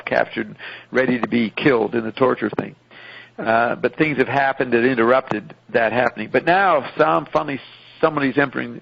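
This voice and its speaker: A man's voice: medium pitch, creaky. A man hosting a radio show, reading out a film script and commenting on it casually with some profanity. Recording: muffled radio broadcast.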